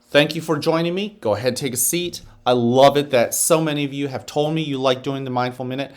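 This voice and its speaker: A man, a school principal, gives the morning announcements to children. He leads a slow guided breathing exercise, then speaks in an upbeat, encouraging way. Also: mid-range voice. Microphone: office microphone.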